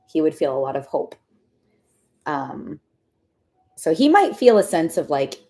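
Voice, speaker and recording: A woman's voice: low-pitched, a little mellow. A young woman giving tarot readings on a casual livestream, chatty and giggly with many fillers. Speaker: tarot reader.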